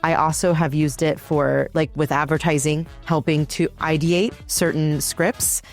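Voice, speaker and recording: A woman's voice: deep voice, level tone, a little slow, soft background music. A woman co-hosting a podcast in an upbeat, chatty way, presenting a scripted segment. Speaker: podcast co-host.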